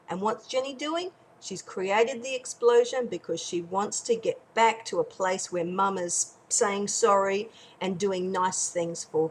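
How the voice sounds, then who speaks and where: A woman, a parenting educator, tells a teaching story in an animated way and acts out the characters as she goes. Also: fairly high pitch, slight background noise, poor audio. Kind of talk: storytelling lesson.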